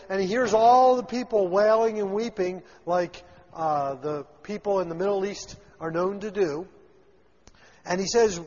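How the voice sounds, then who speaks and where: Husky-voiced man teaching scripture. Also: high voice, darkish tone. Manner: reads verses then retells them with voiced paraphrase. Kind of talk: expository Bible teaching. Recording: dull lo-fi sound with long hall reverb.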